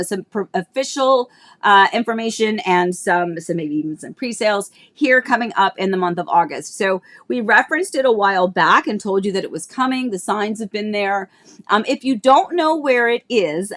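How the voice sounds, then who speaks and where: A woman's voice: medium pitch, lively intonation, normal speed, a bit bright. A woman in her thirties hosting a casual livestream, talking in a chatty, rambling way with lots of fillers and restarts, nostalgic and emotional at times. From Florida, US. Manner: emotional and nostalgic, laughing between tears. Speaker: realtor and livestream host.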